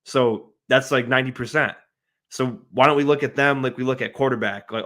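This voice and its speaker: A man on a fan podcast making his case about the offensive line in animated, argumentative casual talk. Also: mid-range voice, a little fast. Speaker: podcast panelist. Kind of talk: casual sports analysis.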